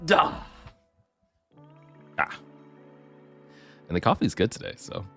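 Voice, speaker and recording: A male streamer chatting casually and rambling with his viewers, his voice deep and gravelly from the morning, keyboard clicks on a desk mic. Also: sing-song, normal speed, soft background music. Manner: rambling, chatty, self-deprecating. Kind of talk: casual live-stream chat. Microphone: desk mic, keyboard clicks audible.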